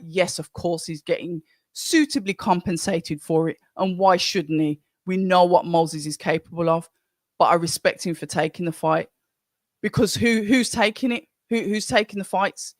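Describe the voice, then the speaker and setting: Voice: mid-range voice, dry recording, clean studio sound. A host with a Birmingham accent gives casual live commentary on a stream. They ramble chattily and greet viewers by name as they read the chat. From Birmingham, England. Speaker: livestream watch-along host.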